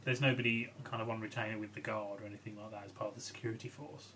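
A man's voice: on the low side, fairly even intonation, racing. A man playing a tabletop game, joking dryly and explaining rules. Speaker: player. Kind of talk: casual chat. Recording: noisy room recording.

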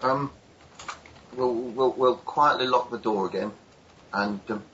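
A man playing a tabletop game over a voice call, speaking hesitantly with halting starts. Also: mid-range voice, a crowd in the background. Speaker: player. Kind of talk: casual tabletop play. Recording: dull lo-fi voice call audio.

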